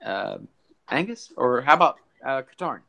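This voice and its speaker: A man's voice: medium pitch, big pitch swings, moderate pace, creaky, sharp tone, poor audio. A man co-hosting a podcast, rambling casually with lots of fillers and restarts, a little out of breath. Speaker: podcast co-host. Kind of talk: casual chat.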